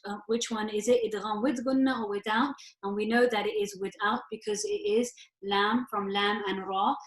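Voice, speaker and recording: A woman teaching Quran recitation rules in an online class. She explains each rule step by step and recites verses slowly. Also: a little high, roomy sound, low-quality recording. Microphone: video call.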